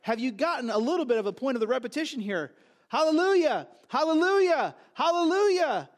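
A man delivers a sermon in an unusually high voice. He builds to emphatic repeated phrases and then drops into conversational asides to his listeners. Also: racing. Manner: preaching with rising, emphatic repetitions; lively, conversational asides to the congregation. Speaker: pastor.

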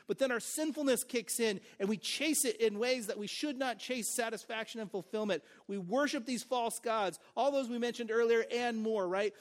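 A man preaching a sermon as pastor, in a casual, conversational way with joking asides, "like" and "right?". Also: extremely high pitch.

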